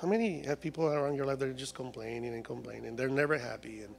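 A man's voice: medium pitch, quick pace, vocal fry, big-room sound, soft background music. A man from Mexico with a Mexican Spanish accent, preaching a humorous sermon in a church. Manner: humorous, acts out voices of complaining people. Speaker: guest preacher. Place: church sanctuary.

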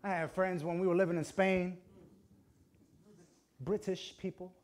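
A man preaching a sermon with passion, swinging between hushed and loud delivery and using dramatic pauses and short emphatic phrases. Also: sits high, flat delivery. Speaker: pastor.

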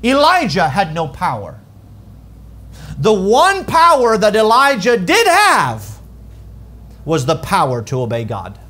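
High, lively preaching man. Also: takes it slowly, pauses often. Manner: dramatic preaching, swinging from loud calls to hushed low lines. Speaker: pastor. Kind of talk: sermon. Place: church sanctuary.

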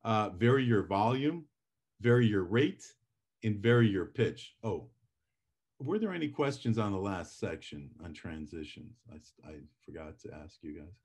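A man's voice: lowish voice, sing-song, moderate pace, darkish tone, husky. A middle-aged man teaching public speaking in a live lecture, chatty and self-deprecating, acting out his examples with drama.

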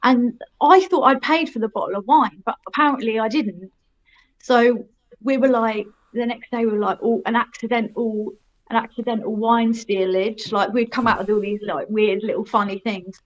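Casting: young woman, frank and rambling storyteller, fairly high voice, dull recording. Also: fairly even intonation, normal speed. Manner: frank, rambling, laughs at herself. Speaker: guest telling her life story. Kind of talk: casual storytelling.

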